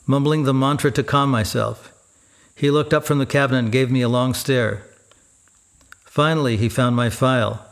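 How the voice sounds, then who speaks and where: A man narrating a first-person memoir in a steady, even storytelling manner. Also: mid-range voice.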